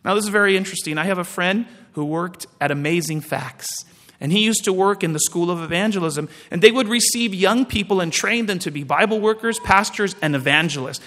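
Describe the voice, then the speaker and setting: High-voiced preacher in a reverberant hall. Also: male voice, a bit bright. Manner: storytelling preacher, slows down for emphasis. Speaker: pastor. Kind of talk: sermon.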